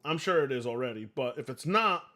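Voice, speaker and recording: A man's voice: medium pitch, animated, brisk, bright, forceful tone. A man hosting a live game stream, chatting casually with viewers in a rambling way, swearing and laughing easily. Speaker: livestream host.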